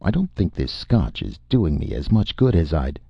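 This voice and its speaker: A man's voice: extremely low pitch, very animated, moderate pace, creaky, husky, no echo, dull audio, heavily acted. A man voicing a brusque man who drinks whiskey and gets rattled, in an audiobook reading. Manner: cold then shaky.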